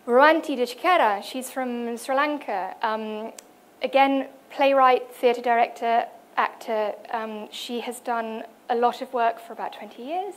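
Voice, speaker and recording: This is a conference speaker from the United Kingdom, a woman whose slightly high voice moves at a measured pace over a faint hiss or hum. In an event hall, she presents other artists at a cultural event, hesitant and filler-heavy, restarting often and quoting from text.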